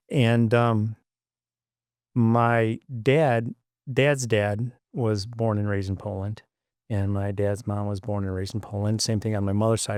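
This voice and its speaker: A man in his sixties, a podcast guest telling stories of his upbringing. He rambles through his memories with frequent asides and restarts, in a somewhat low voice. The recording is close and dry. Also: darkish tone, no echo. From Michigan, United States. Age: 60s. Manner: rambling, many fillers and restarts. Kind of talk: reflective storytelling.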